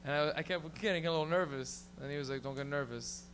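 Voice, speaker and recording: A man's voice: on the high side, fast, a bit bright, slight background noise. A man hosting a live comedy open mic, hyping the crowd and cracking up as he tells a story. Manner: hypes the crowd, cracks up laughing.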